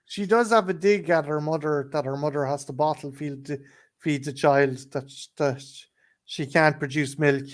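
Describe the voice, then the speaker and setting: A man's voice: on the high side, fairly even intonation, normal speed. A man co-hosting a casual film review, recapping the plot with sarcastic, profane remarks. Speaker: podcast co-host.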